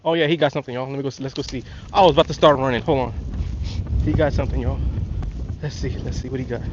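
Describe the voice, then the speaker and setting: A man's voice: mid-range voice, fairly even intonation, fast talker, highs cut off, background noise. A man hosting a casual fishing livestream outdoors, with a laid-back, drawling way of talking. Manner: laid-back, drawling, shouts to his father. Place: outdoors by a lake bank.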